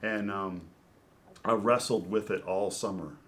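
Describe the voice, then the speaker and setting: A middle-aged man, a former ballplayer, telling stories from his career in a lively, casual interview. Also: fairly low pitch, measured pace. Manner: animated storyteller who acts out quoted voices. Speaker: guest, former baseball pitcher.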